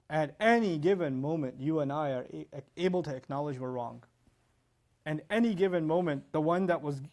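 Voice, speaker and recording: Animated man giving a religious lecture. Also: a little high. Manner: animated, acts out quoted exchanges. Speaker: Islamic lecturer.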